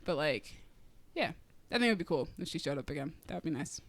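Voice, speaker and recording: A woman's voice: deep voice, animated, fast talker, dry recording. A woman co-hosting a casual movie review podcast, chatty and enthusiastic, with frequent fillers and restarts. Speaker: podcast co-host.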